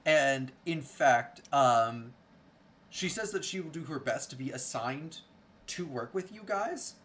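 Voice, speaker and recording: A man's voice: mid-range voice, takes it slowly. Man running a tabletop game. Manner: relaxed, reads rules aloud with many fillers. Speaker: game master.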